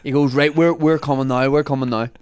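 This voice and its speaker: A man's voice: a little high, fast, clean tone, no echo. Man telling a story on a podcast. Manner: animated anecdote telling, laughing often. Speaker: comedy podcast host. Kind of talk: casual storytelling chat.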